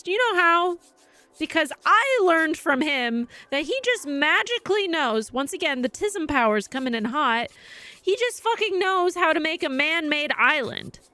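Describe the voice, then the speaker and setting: A woman's voice: high voice, pushed and bright, no room sound. A woman live-streaming, telling a rambling story in casual chat and swearing freely.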